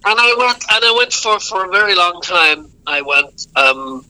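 A man's voice: high-pitched, lively intonation, moderate pace, sharp tone, low-quality recording. A man telling rambling, self-correcting stories as an interview guest. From Ireland. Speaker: guest musician. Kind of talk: casual storytelling interview.

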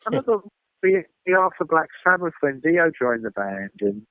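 A man, a rock journalist, telling animated anecdotes as an interview guest and acting out the people in his stories, heard over a phone line. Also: on the high side, normal speed, dry recording. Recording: dry, tinny phone line.

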